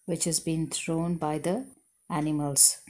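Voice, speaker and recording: Slow, patient woman teacher with Indian English. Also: low-pitched, little pitch movement, darkish tone. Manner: slow, patient, explaining words to children. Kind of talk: reading a story aloud to children with explanations.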